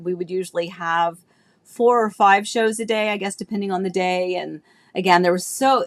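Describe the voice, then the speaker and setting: A woman in her thirties hosting a casual livestream, talking in a chatty, rambling way with lots of fillers and restarts, nostalgic and emotional at times. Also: lowish voice. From Florida, US. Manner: emotional and nostalgic, laughing between tears. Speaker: realtor and livestream host.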